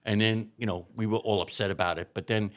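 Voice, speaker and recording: Older man in his sixties, fire chief guest, low voice, rambling and full of restarts. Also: fairly even intonation, quick pace. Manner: rambling anecdotes with many restarts. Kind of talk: interview storytelling.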